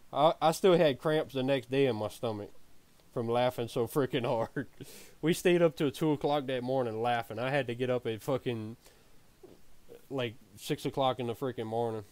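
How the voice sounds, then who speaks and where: A man's voice: medium pitch, moderate pace, darkish tone, dry recording. A man streaming, telling a story in a casual way, laughing often and swearing freely.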